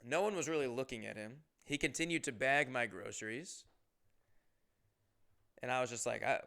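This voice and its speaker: Bright-voiced young man telling rambling stories. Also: medium pitch, normal speed, gravelly, pauses often. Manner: rambling, profane, self-interrupting. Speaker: comedian podcast host. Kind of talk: casual comedic storytelling.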